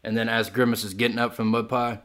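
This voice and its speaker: A man's voice: medium pitch, level tone, quick pace, fairly bright tone. A man co-hosting a comedy podcast, improvising a crude, absurd story in slangy, laughing casual talk. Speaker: podcast co-host.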